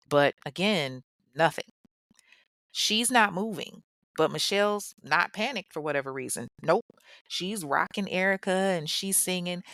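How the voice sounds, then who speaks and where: A woman's voice: fairly low pitch, a bit bright, dry recording. Blunt, profane woman telling a true-crime story. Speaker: podcast host.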